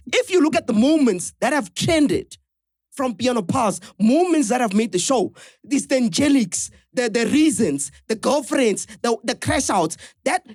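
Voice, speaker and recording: A man's voice: very high voice, no echo, clean studio sound. Blunt, foul-mouthed man. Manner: blunt, swears freely, forceful. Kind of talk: live podcast Q&A.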